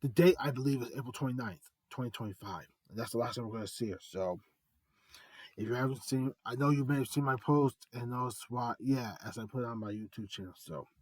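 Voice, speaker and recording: Man, casual fan monologue, rambling, repetitive, earnest, mid-pitched voice, dry room. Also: a little fast, a little mellow, no echo. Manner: rambling and repetitive, with announcer-style build-ups; earnest, heartfelt tribute. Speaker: art vlogger.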